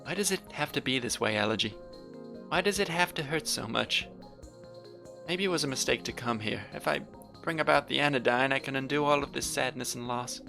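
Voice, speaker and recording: A man's voice: fairly quick, vocal fry, sharp tone, soft background music. A man voicing an earnest, troubled young heroine. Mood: pleading. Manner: earnest, pleading, higher put-on voice. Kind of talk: reading game dialogue aloud.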